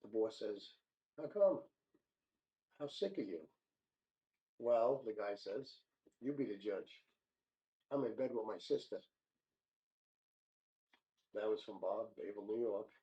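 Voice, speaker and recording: A man hosting a joke show, reading listener jokes aloud with small stumbles and quick voice changes for the characters. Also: lowish voice, warm tone. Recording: dull lo-fi sound.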